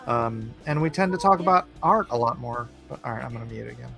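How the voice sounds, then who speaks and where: Brief: male stream host, mid-pitched, loose and rambling, soft guitar music in the background. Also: animated, fast, creaky. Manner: rambling, laid-back, joking. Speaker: livestream host and artist. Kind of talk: casual chat while drawing.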